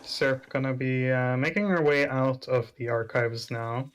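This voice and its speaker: A man commentating a live speedrun race, excitable and quick to yelp when things get tense. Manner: excitable, yelps high when tense moments hit. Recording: music playing behind.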